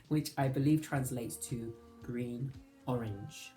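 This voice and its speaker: A man hosting his own fragrance channel, chatting casually and nostalgically, with soft laughs. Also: medium pitch, unhurried, soft background music. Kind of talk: casual reminiscing vlog.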